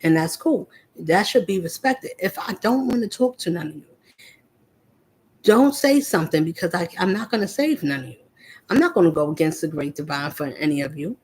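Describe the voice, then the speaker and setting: Confrontational preachy woman, husky voice. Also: on the low side, expressive, moderate pace, poor audio. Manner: confrontational, preachy, addressing an unnamed listener directly. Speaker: spiritual vlogger. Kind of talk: impassioned spiritual monologue.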